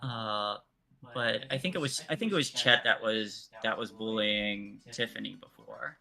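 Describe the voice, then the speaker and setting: A man narrating as game master, halting and full of fillers and restarts. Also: lowish voice, gravelly, bright, forceful tone, soft background music.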